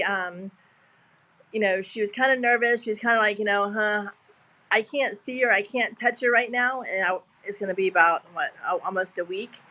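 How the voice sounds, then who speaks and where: A woman's voice: medium pitch, pushed and bright, poor audio. A woman, talking on a video call in a heartfelt, rambling way, full of restarts. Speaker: guest. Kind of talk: emotional casual chat.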